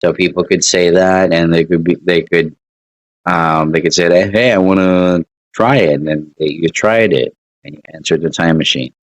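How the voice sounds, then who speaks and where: A man's voice: low-pitched, normal speed, dry recording, rough recording. A man giving a casual online English lesson, rambling and correcting himself, laughing at his own examples. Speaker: English teacher.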